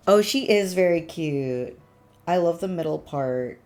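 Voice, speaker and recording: A woman livestreaming, chatting casually with viewers, laughing often and breaking into excited bursts. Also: on the low side, unhurried. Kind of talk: casual live-stream chat.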